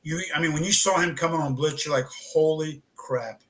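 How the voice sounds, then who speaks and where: A man's voice: fairly high pitch, fast talker, over a noisy crowd. A man co-hosting a sports talk show, chatting and asking eager questions.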